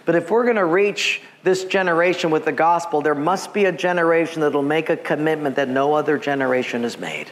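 Animated pastor in an echoing church hall. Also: male voice, on the high side, brisk, hardly any pauses. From Hawaii. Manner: animated, acts out voices, laughs at himself. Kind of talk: sermon with storytelling. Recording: long church reverb, faint background noise.

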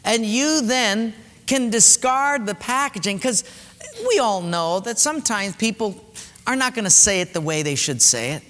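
A male pastor preaching an emphatic sermon, repeating key phrases and dropping to quiet, slow emphasis. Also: high-pitched, animated. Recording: long hall reverb.

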